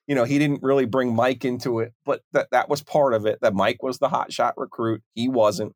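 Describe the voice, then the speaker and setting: A man hosts a sports podcast in a measured, conversational manner, his pitch sitting in an ordinary middle range. The recording is close and dry. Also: dry recording. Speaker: podcast host.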